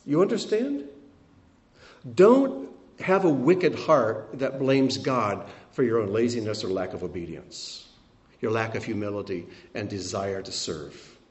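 An older man preaching a sermon as pastor, swinging between emphatic peaks and quiet, soft asides. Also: lowish voice, expressive, measured pace.

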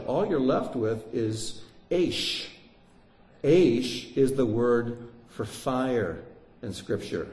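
A man preaching a sermon in an animated way, with joking asides and swings between loud and hushed delivery. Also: lowish voice, echoey room.

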